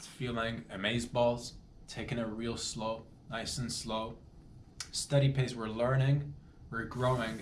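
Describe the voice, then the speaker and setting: A man with a lowish voice talks casually and earnestly to his listeners, often restarting his sentences as he goes. The sound is roomy and echoey, with a faint layer of noise behind him. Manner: rambling, earnest, self-interrupting. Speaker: comedy podcast host. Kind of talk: casual heartfelt monologue. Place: Toronto.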